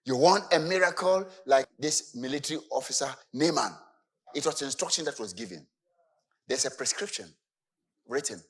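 Man, preacher, sermon, emphatic, swooping lively intonation. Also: mid-range voice, normal speed, breathy edge. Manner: emphatic, swings between soft asides and shouted exclamations.

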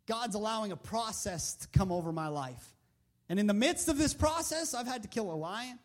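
A man's voice: sits high, expressive, normal speed. A man voicing a bold, brash young shepherd, cocky and casual, with slang in his talk.

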